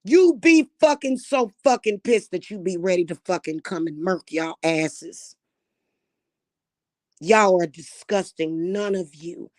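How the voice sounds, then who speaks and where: A woman vlogger ranting angrily to her viewers, swearing heavily, repeating insults and rising to shouts. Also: lowish voice, expressive, takes it slowly, no echo, studio quality. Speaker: spiritual vlogger. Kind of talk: angry rant to camera.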